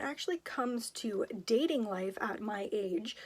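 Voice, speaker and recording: A woman's voice: medium pitch, animated. Choked-up woman, fighting back tears. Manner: halting, emotional, frequent pauses and apologies. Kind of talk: confessional vlog.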